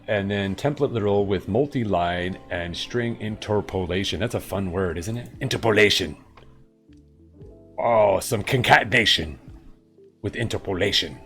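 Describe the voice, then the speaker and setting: A man streaming live coding, thinking aloud in a rambling, self-amused way. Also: fairly low pitch. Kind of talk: casual coding chat.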